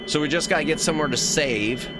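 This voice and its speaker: A man streaming a game as a VTuber, chatting casually with viewers and reacting loudly to what happens on screen. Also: fairly high pitch, fast talker. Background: game music.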